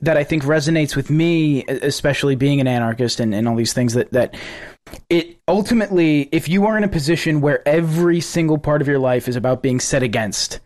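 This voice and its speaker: A man co-hosts a podcast in loose, casual conversation, blunt and fond of swearing. He often restarts his sentences. His voice sits a bit higher than most men's. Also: fairly quick, darkish tone. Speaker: podcast co-host.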